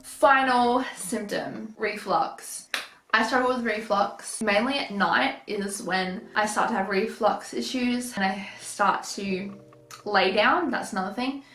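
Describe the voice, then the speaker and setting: A woman's voice: medium pitch, takes it slowly, a bit bright. A tired woman vlogger talks to her viewers in a chatty, frank way, short of breath and apologising as she goes. Her voice sits mid-range, in an echoey room with faint music underneath. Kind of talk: casual talk to camera.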